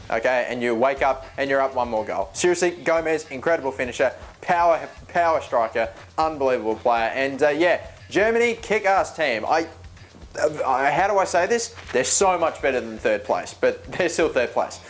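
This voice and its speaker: A man giving casual, joking gaming commentary, chatty and rambling, often correcting himself mid-sentence. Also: mid-range voice. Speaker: video game YouTuber.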